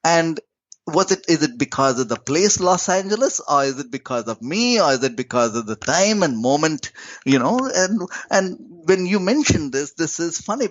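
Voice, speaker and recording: Lyrical man teaching in swooping phrases. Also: dry recording. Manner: lyrical, swooping pitch, slow emphatic phrases. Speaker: spiritual teacher, podcast guest. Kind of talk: conversational spiritual teaching. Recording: dull lo-fi audio.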